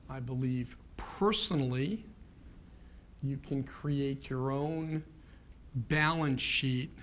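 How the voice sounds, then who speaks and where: A man in his fifties giving a keynote talk, telling a personal story in an earnest way and building to rhetorical questions. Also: mid-range voice. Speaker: keynote speaker.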